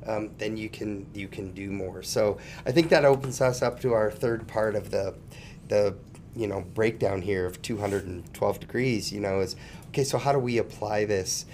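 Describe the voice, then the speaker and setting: Low-voiced male podcast co-host. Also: moderate pace, a little mellow, slight background noise. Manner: prompting, conversational, with fillers. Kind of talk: casual podcast chat.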